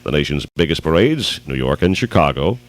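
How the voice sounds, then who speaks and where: Very deep-voiced droll radio host. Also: male voice, very animated, brisk. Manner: dry, droll, mock-formal delivery. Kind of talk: radio banter and wry commentary.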